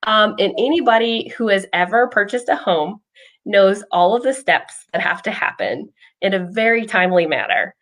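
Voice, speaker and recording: A woman's voice: medium pitch, animated, normal speed, a bit bright. A woman speaking as a behavioral health clinician, casually telling a personal story with frequent ums. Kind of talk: casual explanatory chat.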